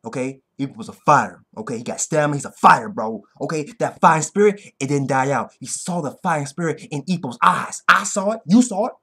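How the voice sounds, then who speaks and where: A man giving an excitable, profane anime fight recap that keeps bursting into yells. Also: on the high side, a little fast, creaky, few pauses, slightly rough. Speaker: anime reaction vlogger. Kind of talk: hyped casual recap.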